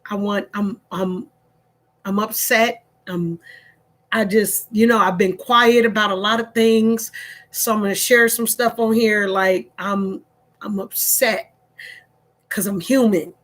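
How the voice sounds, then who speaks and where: A middle-aged woman, telling a casual story to her vlog audience. She is animated, laughs often and repeats herself. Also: mid-range voice, slow. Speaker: vlogger.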